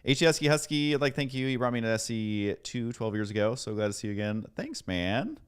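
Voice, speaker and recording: A man streaming a game and chatting casually with viewers, excitable and self-deprecating as he thanks them by name. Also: medium pitch, fast talker, clean tone. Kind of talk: casual livestream chat.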